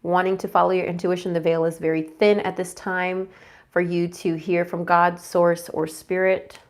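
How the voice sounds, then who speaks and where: A young adult woman reading tarot in a casual, chatty forecast, talking through a stuffy, congested nose with fillers and quick self-corrections. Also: on the low side, level tone. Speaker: tarot reader.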